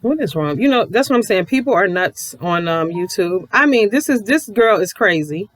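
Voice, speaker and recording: A woman's voice: mid-range voice, lively intonation, normal speed, dry recording. A woman vlogger speaks straight into the mic in a dry, close recording with no room sound. Her voice sits in a middle register, and she rants at her viewers in a blunt, sassy, profanity-laced way. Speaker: YouTube commentator. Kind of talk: ranting commentary to viewers.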